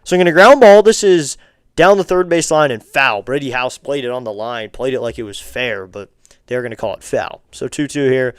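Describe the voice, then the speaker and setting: Calling pitches at a normal speed for his live stream, this man doing play-by-play has a smooth, resonant voice. He stays loose and chatty, welcoming the chat and urging viewers to like and subscribe. There's no echo, just close, dry sound.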